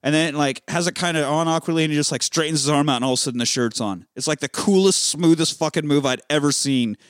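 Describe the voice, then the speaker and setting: A man's voice: fairly high pitch, quick pace, clean tone, no room sound, clean studio sound. A man casually recapping a movie on a podcast, rambling and swearing as he acts out the scenes. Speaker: podcast co-host.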